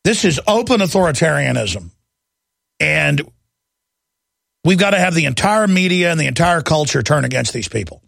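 A man's voice: on the high side, expressive, moderate pace, gravelly, pauses often, fairly bright tone, no echo, clean studio sound. A man hosting a talk radio show, ranting heatedly from one news item to the next and mocking his critics. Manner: heated, ranting, jumps between news items; mocks opponents in put-on voices.

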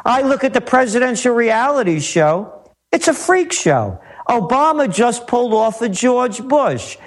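A man's voice: very high voice, sing-song, a little slow. A man giving heated political commentary, emphatic and repetitive, firing off rhetorical questions. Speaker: guest commentator.

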